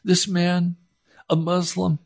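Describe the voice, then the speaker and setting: A man's voice: sits high, monotone, slow pace, gravelly. A man preaching an emotional sermon, pleading and close to tears. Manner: impassioned, pleading, near tears.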